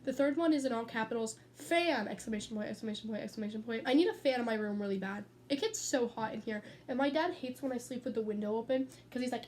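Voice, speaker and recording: A woman's voice: on the high side, darkish tone, a little hiss or hum. A teenage girl rambling casually, telling stories and swearing freely, speaking from her bedroom. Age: teens. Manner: chatty, sidetracked, swears freely. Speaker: vlogger. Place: bedroom at home.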